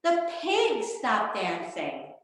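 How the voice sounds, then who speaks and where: A woman reads a children's storybook aloud at a slow, unhurried pace. Her pitch swings widely as she animates the tale. The sound comes through a video call, with a strong echo from the room. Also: slight background noise. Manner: animated, expressive storybook reading. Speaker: children's librarian.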